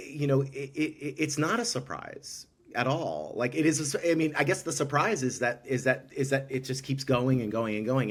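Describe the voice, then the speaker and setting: A middle-aged musical director, guesting on a casual podcast interview, talks in a medium-pitched voice. He is effusive and rambling, with many restarts.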